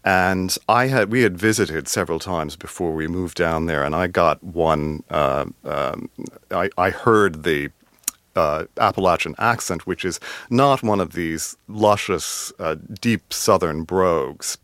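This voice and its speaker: A very low-voiced man with a put-on, refined British-tinged American accent reads from his memoir and then answers questions. His delivery is deliberate and noticeably artificial, broken by pauses and fillers when he speaks off the cuff. The sound is close and dry. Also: fairly bright tone, dry recording. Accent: affected refined British-tinged American. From United States. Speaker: memoir author, guest.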